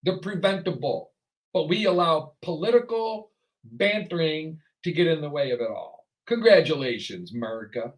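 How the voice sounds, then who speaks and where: High-voiced sarcastic male talk host. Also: expressive, moderate pace. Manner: sarcastic, ranting. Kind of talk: solo talk show commentary.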